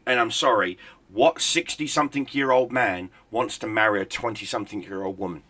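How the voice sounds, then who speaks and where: A man's voice: fairly low pitch, fairly quick, bright, forceful tone, no room sound. A middle-aged man, a gaming YouTuber, in a heated, profane, sarcastic rant. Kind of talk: angry ranting commentary.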